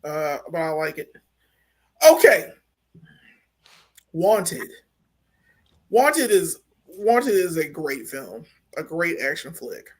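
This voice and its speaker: A man co-hosting a casual movie review podcast, ranting animatedly with big swings from loud to quiet. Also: fairly high pitch, sing-song, slow pace, long pauses, husky. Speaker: podcast co-host.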